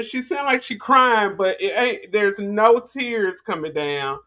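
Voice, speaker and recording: A woman's voice: medium pitch, takes it slowly, few pauses, a bit bright. A woman hosts a casual commentary vlog. She talks in a chatty, rambling way and often restarts her sentences as she talks to her viewers. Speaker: vlogger host.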